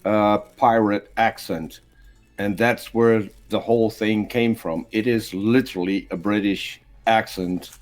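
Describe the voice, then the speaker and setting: A man's voice: fairly low pitch, steady tone, unhurried, faint music behind. A man from the Netherlands, speaking English as an in a casual online chat, with many hesitations. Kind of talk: casual video-call chat.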